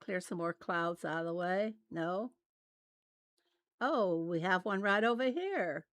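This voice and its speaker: Speaking slowly and expressively in a lowish voice, this Arkansas woman with a gentle Southern accent gives casual gameplay commentary for her game channel and laughs frequently. The recording is dry.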